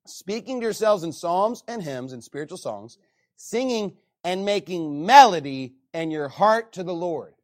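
A man preaching a sermon as pastor, animated, often reading scripture aloud to the congregation. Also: sits high, a little slow.

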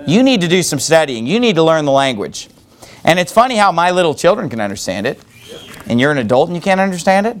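A man preaching a sermon to his congregation, sarcastic and mocking, with quick asides. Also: a little high, sing-song. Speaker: pastor. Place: church building with congregation.

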